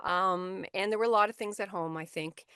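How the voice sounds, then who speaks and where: A woman's voice: medium pitch, normal speed, bright, forceful tone, clear, resonant tone, no room sound, clean studio sound. A middle-aged woman presenting a workshop on a video call, telling a story to educators in a conversational way, with frequent restarts and fillers.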